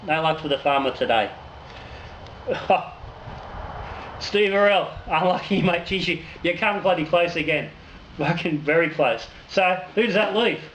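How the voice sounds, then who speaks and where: A home brewer hosting his own channel draws raffle winners while chatting casually about brewing, joking around and swearing freely. His voice is a little high, expressive and fairly bright, at a moderate pace, and he often trails off and restarts. The recording is in an echoey room with noticeable noise.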